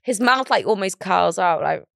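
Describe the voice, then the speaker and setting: A woman's voice: medium pitch, animated, normal speed, vocal fry, a bit bright, no echo, clean studio sound. A young woman co-hosting a podcast, chatting and gushing about films. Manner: gushing, chatty, quotes films in silly voices. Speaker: podcast co-host. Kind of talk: casual chat.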